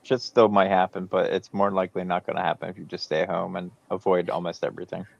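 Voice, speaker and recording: A man's voice: sits low, level tone, fast, gravelly. A laid-back man chatting on a live stream, speaking plainly and giving folksy advice. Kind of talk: casual live-stream chat. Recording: dull, lo-fi audio.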